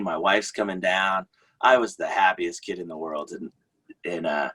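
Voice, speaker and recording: Husky-voiced man telling a story. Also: on the low side, fairly bright tone, low-quality recording. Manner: chatty, laughs often. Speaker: podcast guest. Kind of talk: casual storytelling.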